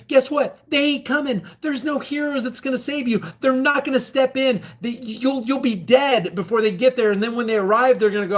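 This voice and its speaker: A middle-aged man rants through political commentary, his voice sitting notably high for a man. He talks with fired-up passion and keeps slipping into mocking impressions of scared people. Between rants he reads out viewer comments in a chatty way. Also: brisk, few pauses. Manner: impassioned ranting, acts out scared voices. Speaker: political vlogger reacting to a clip. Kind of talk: live-stream commentary reading comments.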